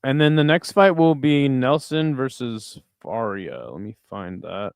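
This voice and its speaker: Male streamer, watch-party host, smooth clear voice, close dry mic, foul-mouthed banter with chat. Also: medium pitch, expressive, unhurried, no room sound. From United States. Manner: crude, joking, chatting with viewers between fight calls. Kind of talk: casual live-stream commentary.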